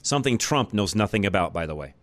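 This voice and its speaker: A US man hosting talk radio speaks fast in a lowish voice with lively intonation. The studio microphone captures no echo as he runs through a blunt, opinionated monologue full of repeated points.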